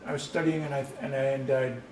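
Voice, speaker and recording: In a conference session room, a language instructor presents a workshop, explaining in a conversational, storytelling way and restarting often. His medium-pitched voice is brisk with little pitch movement, and a crowd can be heard. The room is echoey, the mic distant, with faint noise.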